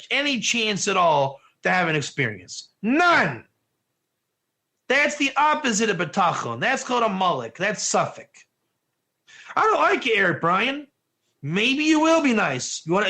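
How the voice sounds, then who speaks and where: An emphatic man leads an online Torah class with a high, bright voice, pressing his listeners with question after question. He talks like a teacher driving his point home to a live audience.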